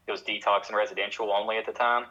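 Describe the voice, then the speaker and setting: Man with a Tennessee drawl, bright voice. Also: fairly low pitch, flat delivery. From Tennessee, USA. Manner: fast, run-on storytelling with many fillers. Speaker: podcast guest, treatment center executive. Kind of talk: conversational storytelling. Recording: dull, lo-fi sound.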